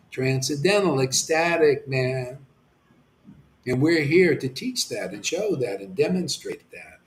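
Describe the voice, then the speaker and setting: A man's voice: mid-range voice, animated, a little slow. Fervent man preaching in an echoey room. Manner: swings between fervent near-shouts and hushed murmurs; emphatic, repetitive, peppered with slangy "man". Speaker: spiritual teacher. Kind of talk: impassioned devotional sermon.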